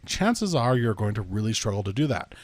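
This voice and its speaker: A man's voice: lowish voice, sing-song, fairly quick, dry recording. A man lecturing on psychology, telling a story and checking in with the listener as he explains.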